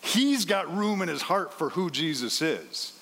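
A pastor preaching a conversational sermon, walking through a scripture passage and briefly acting out the voices in it. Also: male voice, a little high, big pitch swings, a little slow, vocal fry, a bit bright. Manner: conversational, acts out the quoted lines. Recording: long hall reverb.

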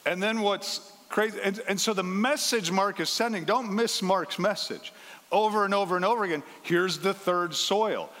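A pastor preaching a conversational sermon, walking through a scripture passage and briefly acting out the voices in it. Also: male voice, high voice, moderate pace, a bit bright. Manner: conversational, acts out the quoted lines. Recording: long hall reverb.

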